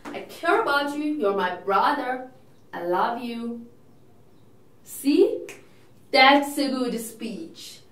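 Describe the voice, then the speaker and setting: A woman's voice: fairly high pitch, animated, slow pace, long pauses, fairly bright tone. Woman playing a neurotic, doting older sister. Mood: fretful. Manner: rambling, self-absorbed and fretful. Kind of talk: audition monologue. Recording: echoey room, mic from a distance.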